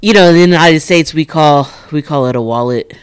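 A man's voice: a little high, brisk, smooth, dry recording. A man in a casual chat, telling stories with heavy swearing. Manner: heavy swearing, animated storytelling.

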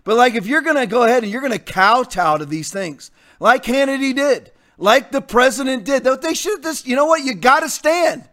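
A man's voice: very high-pitched, lively intonation, normal speed, few pauses, a bit bright. A man preaching as a pastor in a blunt, defiant rant, repeating his points for emphasis. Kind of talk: combative sermon rant.

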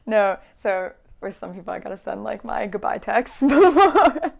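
Giggly young woman with a gravelly edge. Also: mid-range voice, normal speed. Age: young adult. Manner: relaxed, giggly, jokey. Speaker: podcast co-host, student. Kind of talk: casual podcast chat.

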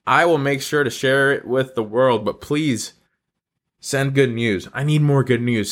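A man's voice: mid-range voice, unhurried. Earnest, encouraging male podcast host. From North Carolina. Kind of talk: upbeat good-news podcast monologue.

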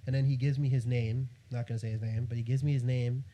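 Animated young man from New York telling a story. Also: mid-range voice, fast talker. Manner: animated, quotes others in a raised voice. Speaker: guest photographer. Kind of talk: casual storytelling.

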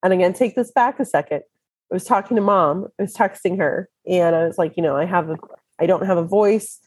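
Hoarse woman podcast co-host, chatty and laughing, dry close sound. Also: fairly low pitch, a little fast, a little mellow, no echo. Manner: laughs often, chatty storytelling. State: hoarse from illness. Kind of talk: casual chat.

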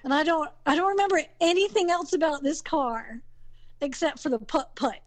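A woman's voice: high voice, expressive, moderate pace, no room sound. A woman with a Southern US accent, a guest in a casual chat, rambling with restarts and laughing often. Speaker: podcast guest.

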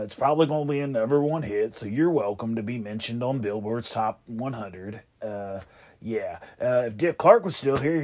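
A man hosting a comedy show, rambling and trading deadpan, profane insults in a one-sided phone call. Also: mid-range voice.

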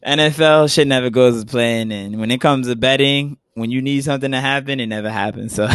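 A young man with a New York accent, co-hosting a podcast in casual, profane, animated chat. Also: mid-range voice, brisk, clean tone, no room sound, clean studio sound. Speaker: podcast co-host.

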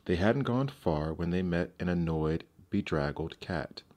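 A man narrating fairy tales in a gentle, expressive storybook reading. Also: low-pitched, unhurried.

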